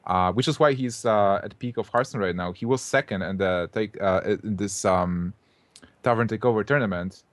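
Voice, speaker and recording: A man's voice: on the low side, normal speed, dry recording. A man from Romania on a gaming panel, explaining at length with frequent hesitations. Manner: explanatory, hesitant with many filler ums and uhs. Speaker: panel co-host. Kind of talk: casual panel chat.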